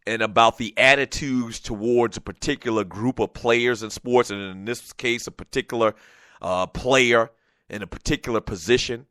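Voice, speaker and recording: A man hosting a casual sports talk show, animated and chatty, talking straight to his listeners. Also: medium pitch, dry recording.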